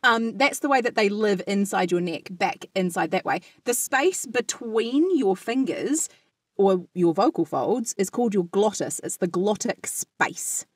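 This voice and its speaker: A woman with a New Zealand accent co-hosting a podcast, chatty and quick to laugh, explaining things at length. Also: mid-range voice, expressive, slightly rough, no room sound, studio quality. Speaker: podcast co-host. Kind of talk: casual chat and explanation.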